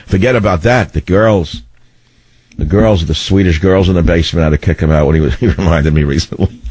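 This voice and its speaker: A middle-aged man with a baritone voice, hosting a talk radio show in a combative, rambling way. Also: a little mellow, husky, dry recording. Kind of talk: opinionated talk radio monologue. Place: radio studio. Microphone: studio microphone.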